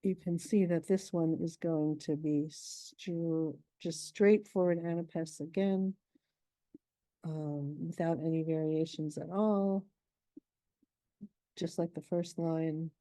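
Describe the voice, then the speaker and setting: A woman's voice: low-pitched, fairly even intonation, slow, dark tone, no room sound, poor audio. A middle-aged woman teaching poetic meter in a patient lesson, thinking aloud as she works through lines. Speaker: poetry teacher.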